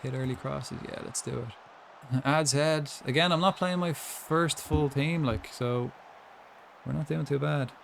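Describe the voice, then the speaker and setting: A man's voice: fairly high pitch, unhurried, gravelly, a little hiss or hum. A young man chatting casually while commentating his own football management game, rambling with lots of asides. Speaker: gaming streamer.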